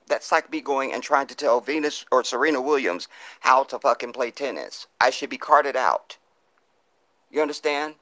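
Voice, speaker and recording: A man's voice: medium pitch, moderate pace, pushed and bright, no room sound. A man hosting a live stream, reading viewer comments and pleading for donations in an impassioned, profane way, on a phone mic. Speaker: livestream host.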